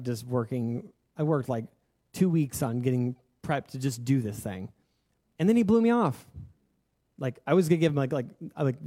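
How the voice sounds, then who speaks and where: This sermon comes from a young male pastor whose voice is warm and medium in pitch. Earnest and confessional, he shares a personal story in a chatty way, filling it with lots of fillers.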